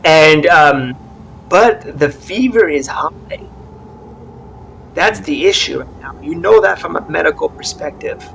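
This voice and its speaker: Man, game master, gravelly voice, slow unhurried narration, slightly high pitch. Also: a little hiss or hum, poor audio. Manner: slow, relaxed storytelling with gravelly voice.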